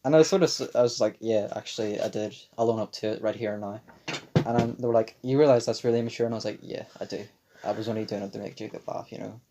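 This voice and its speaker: With a warm, fairly low voice and a steady tone, a late-teen podcast co-host quickly rambles through a crude childhood story, swearing along the way. His voice cracks now and then, and a little hiss or hum is audible in this casual storytelling chat.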